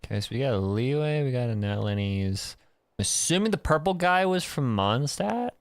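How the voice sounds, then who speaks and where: A man's voice: mid-range voice, sing-song, moderate pace, no room sound. A man casually commenting on a game as he plays, joking and swearing. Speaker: streamer. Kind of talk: gameplay commentary.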